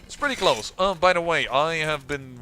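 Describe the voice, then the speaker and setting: A man's voice: fairly high pitch, expressive, moderate pace, bright, forceful tone, slight background noise. A man hosting a let's-play, giving game commentary as he thinks aloud, often trailing off and restarting sentences.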